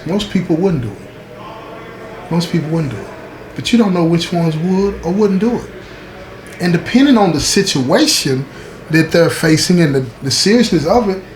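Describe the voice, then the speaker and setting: A man telling a true-style story in a casual, emphatic way, talking straight to the listener. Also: mid-range voice. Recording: echoey room with faint background noise.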